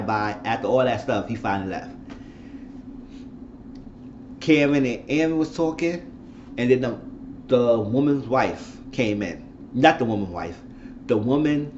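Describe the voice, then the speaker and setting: A man talks through a TV episode in a loose, chatty recap, with a voice of middling pitch. He breaks into loud reactions to what the characters do. The recording sounds a bit dull, with a faint hiss behind him. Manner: chatty, reacts loudly to the plot. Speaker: TV show reviewer.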